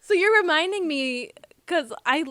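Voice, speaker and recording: A young adult woman co-hosting a casual podcast chat, filler-heavy and often trailing off softly at the end of a thought. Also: very high-pitched, animated, a little slow. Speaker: podcast co-host.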